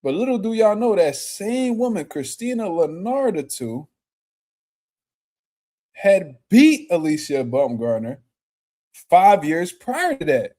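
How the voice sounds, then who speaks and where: A man giving casual, slangy boxing reaction commentary, animated and quick to laugh. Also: sits high.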